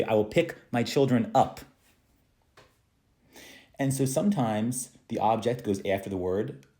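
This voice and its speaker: A man, an English speaker, teaching a slow, patient grammar review full of repeated example sentences. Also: on the low side, dark tone.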